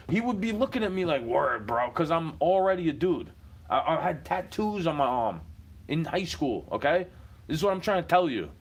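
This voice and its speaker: A man's voice: a little high, very animated, normal speed, breathy edge. A man, rambling in a profane casual monologue full of street slang.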